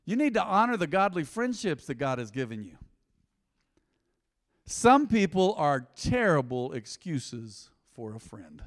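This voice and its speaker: Here the high-voiced, animated pastor speaks a little slowly and pauses often. He gives a lively, conversational sermon from the pulpit, lurching from loud bursts into almost-whispers, all wrapped in the long reverb of a church hall.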